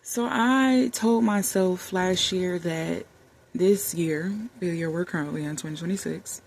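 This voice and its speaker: With a lowish, creaky, slightly mellow voice, a vlogger in her thirties opens up to the camera in a sincere, chatty way. She calls her audience y'all and baby, while an air conditioner runs in the warm room around her.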